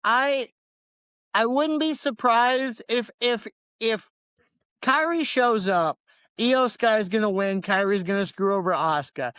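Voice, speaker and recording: A man's voice: sits high, measured pace, a bit bright, clean tone, no echo. A man co-hosting a casual wrestling podcast in a loose, laid-back way, often repeating words as he talks. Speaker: podcast co-host.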